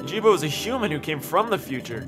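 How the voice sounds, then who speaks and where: A man's voice: fairly high pitch, big pitch swings, quick pace, music in the background. Cresselia, read by a man as a solemn moon creature. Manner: solemn, formal reading of game dialogue. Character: serene female legendary moon creature.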